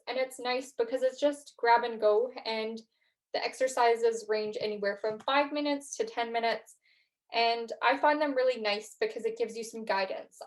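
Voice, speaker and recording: A young woman hosting a podcast, talking gently through reflection and a guided breathing practice, with frequent fillers. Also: on the high side. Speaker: podcast host. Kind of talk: guided mindfulness talk.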